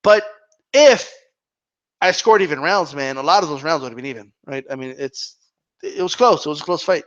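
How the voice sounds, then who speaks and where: A man's voice: a little high, animated, moderate pace, a bit bright, dull audio. A man hosting a live Q&A stream, chatting casually in a rambling way and swearing freely. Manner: rambling and profane.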